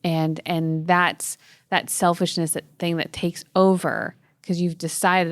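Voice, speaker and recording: A woman's voice: fairly low pitch, little pitch movement, unhurried, clean tone, no echo, studio quality. A woman co-hosting a casual faith-based podcast, talking in a reflective, agreeable way. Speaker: podcast co-host.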